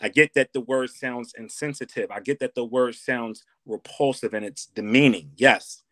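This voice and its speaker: A man's voice: medium pitch, moderate pace, fairly bright tone, dry recording. A man co-hosting a podcast, arguing his point earnestly and persistently in casual debate. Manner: earnest, persistent, talks over others. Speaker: podcast co-host.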